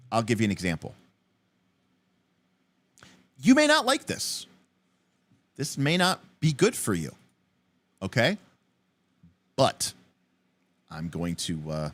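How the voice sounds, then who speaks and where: A man hosting a livestream, explaining game rules in a rambling, animated way and swearing casually. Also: fairly low pitch. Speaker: host.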